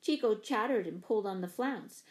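A woman narrating a children's story aloud, with expressive shifts in pitch and volume. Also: moderate pace. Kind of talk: storybook reading.

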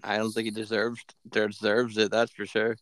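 A man's voice: lowish voice, completely flat delivery, normal speed, no room sound. A young man co-hosting a casual sports podcast, laid-back, with short replies and dry teasing. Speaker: podcast co-host.

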